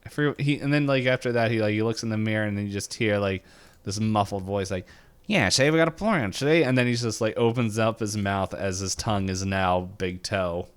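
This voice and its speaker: A man co-hosting a podcast, casually retelling a cartoon episode in a rambling way with quick acted quotes. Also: lowish voice, steady tone, clean tone. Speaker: podcast co-host.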